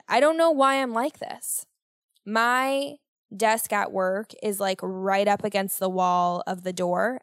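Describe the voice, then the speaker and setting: A woman's voice: mid-range voice, clear, resonant tone, no echo, studio quality. A young woman hosting her own podcast, talking alone in a rambling, self-deprecating way and swearing casually. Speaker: podcast host. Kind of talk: casual solo podcast monologue.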